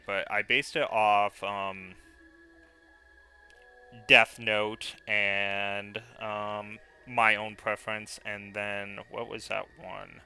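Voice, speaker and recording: A man's voice: lowish voice, pushed and bright, clear, resonant tone. A man streaming a video game, chatting casually and hesitating often with fillers and restarts.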